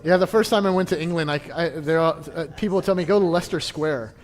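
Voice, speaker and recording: A man's voice: a little high, fast talker, long reverb tail. A man casually leading a church history class, chatty and joking, with frequent restarts.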